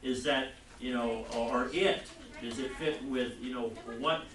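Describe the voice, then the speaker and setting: A man teaching a Bible class, lecturing in a rambling, halting way and putting questions to the class. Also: mid-range voice. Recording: echoey classroom recorded from far off.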